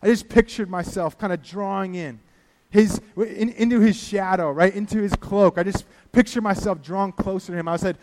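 A high-pitched male preacher delivers a sermon in a lively storytelling way, acting out his own prayers. His voice rings out in a hall with a long, trailing reverb. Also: normal speed. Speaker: pastor.

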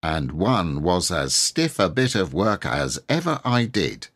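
A man's voice: low-pitched, very animated, a little slow, fairly bright tone, dry recording, exaggerated voice. A man doing a grumpy sleepy sand-fairy. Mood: grumbling. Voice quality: grumbling, snappish.

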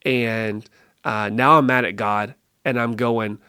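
A man being interviewed on a podcast, telling a personal story in an earnest, lively way and often restarting his phrases. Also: mid-range voice, slow, clear, resonant tone, no echo, studio quality. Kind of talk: casual conversational storytelling.

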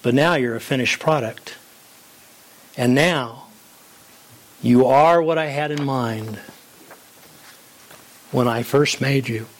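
A man doing a calm, patient master potter. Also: medium pitch, takes it slowly, long pauses, voice pushed down, lightly acted. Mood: reassuring. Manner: calm, reassuring, explaining.

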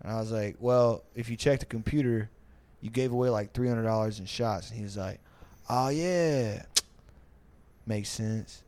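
A man's voice: fairly low pitch, normal speed, a little mellow, no room sound. A man on a podcast telling stories in a loose, rambling way, full of swearing and fillers, and slipping into mocking voices for the people in them. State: tipsy. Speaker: podcast host. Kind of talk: casual storytelling.

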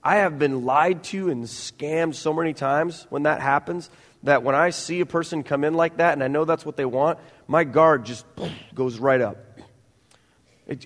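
High-voiced pastor preaching in a reverberant hall. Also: male voice. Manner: earnest, building to animated emphasis, stumbling restarts. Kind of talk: sermon.

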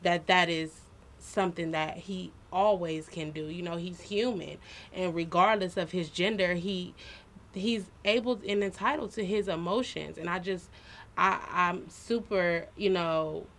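A woman in her thirties talking in a relaxed, heartfelt way on a podcast. She speaks earnestly and often fills her pauses with "you know.". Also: fairly low pitch. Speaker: podcast co-host. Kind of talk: casual personal chat.

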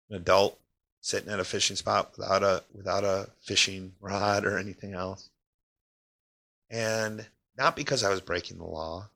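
Gravelly, bright-toned man telling his story. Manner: emotional, pausing, voice drops low and quiet in heavy parts. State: emotional. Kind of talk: personal storytelling talk.

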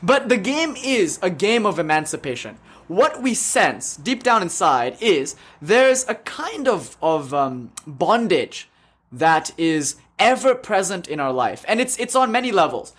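A man's voice: high-pitched, sing-song, a little slow, fairly bright tone, slightly rough. A young man leading a yoga class, giving a casual, joking spiritual talk and laughing often between thoughts. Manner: laughs often, jokey, rambling with fillers. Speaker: yoga teacher.

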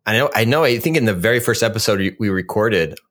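A young adult man co-hosts a podcast in an easygoing, chatty way, laughing often and calling his friend "man" and "dude." His fairly low voice is bright in tone, animated and fast.

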